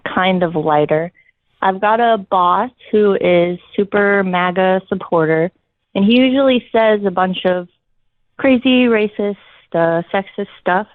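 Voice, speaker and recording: A woman's voice: medium pitch, no room sound. A woman calling into a talk show, telling a story in an amused, chatty way. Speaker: caller. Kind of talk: casual phone-in anecdote. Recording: tinny dry phone line.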